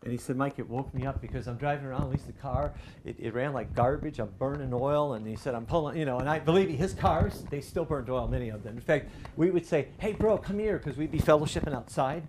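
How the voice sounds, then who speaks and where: A middle-aged man delivers a sermon like a story told among friends, circling back and restarting his phrases as he goes. His voice sits at an ordinary pitch. The recording has a clear hiss of background noise. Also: fast. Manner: conversational storytelling with frequent restarts. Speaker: pastor.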